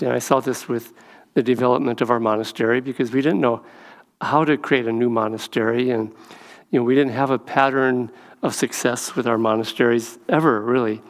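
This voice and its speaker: A man giving a gentle, rambling spiritual talk as a monastic speaker, telling stories with many fillers. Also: mid-range voice, big-room sound. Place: temple hall.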